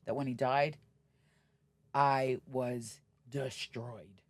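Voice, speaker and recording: A woman's voice: rumbling low, drawn-out words, dry recording, clean studio sound. A middle-aged woman, a podcast guest, telling stories bluntly and acting out the voices of people she quotes. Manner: animated, acts out quoted voices; blunt, swears freely. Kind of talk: casual storytelling interview.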